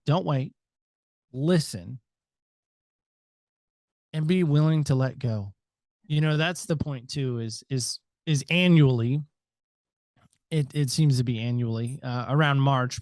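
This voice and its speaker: This American podcast guest speaks unhurriedly, pausing often, in a mid-range voice with no room sound. Talkative and reflective, he goes on at length while his loudness varies considerably throughout the interview.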